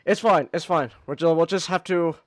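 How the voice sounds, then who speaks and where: Playing a game while hosting a casual live-stream podcast, a man with a fairly high voice gets excitable, letting out loud outbursts and stammering through restarts. He talks at normal speed, with no room sound.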